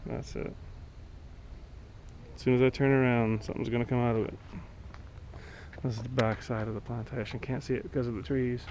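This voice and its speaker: A man's voice: mid-range voice, level tone, brisk, long pauses, darkish tone, slight background noise, poor audio. A man vlogging a casual walking tour of outdoor ruins on a handheld camera, chatty and joking as he thinks aloud.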